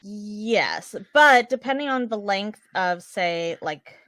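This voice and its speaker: A woman co-hosting a podcast, chatting casually as she recaps a TV episode, laughing often and thinking out loud. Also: mid-range voice, expressive, slow pace, no room sound, studio quality. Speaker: podcast co-host.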